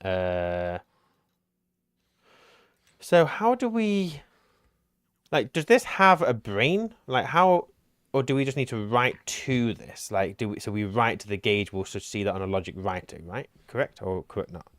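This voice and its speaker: His voice is fairly low, smooth and fairly bright, with a sing-song lilt and a slightly slow pace, in clean studio sound free of room noise. The gaming streamer chats casually during co-op play, thinking aloud and joking with his partner.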